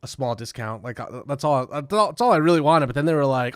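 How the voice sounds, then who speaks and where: Man, podcast guest, rambling, profane, laughs often, smooth voice, dead dry room. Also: mid-range voice, a little fast, no room sound. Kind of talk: casual podcast chat.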